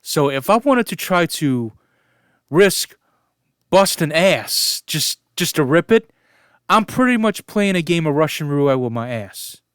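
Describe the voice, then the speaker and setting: A man's voice: on the high side, sing-song, a little slow, a bit bright, clear, resonant tone, no room sound, studio quality. A man in his forties telling a funny family story as a casual vlogger, chuckling and fighting back laughter. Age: 40s.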